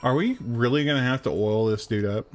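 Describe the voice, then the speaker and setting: A man's voice: mid-range voice, a little fast, faint music behind. A man streaming a game, making crude jokes and laughing as he plays. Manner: crude, joking, laughs often. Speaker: gaming streamer. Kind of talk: casual gameplay commentary.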